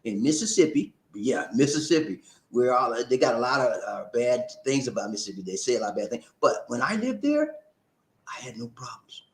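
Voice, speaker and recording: A man hosting a live-stream talk show, reading viewer comments and calling out shout-outs in an animated, preacher-like way. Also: mid-range voice, brisk, roomy sound.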